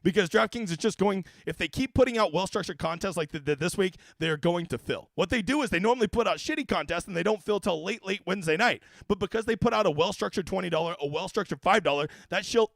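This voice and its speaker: A man's voice: high-pitched, animated, fast, creaky, hardly any pauses, no room sound. A man hosting a fantasy golf livestream in a casual, profane, ranting way, with brash jokes aimed at his viewers. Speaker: daily fantasy golf streamer.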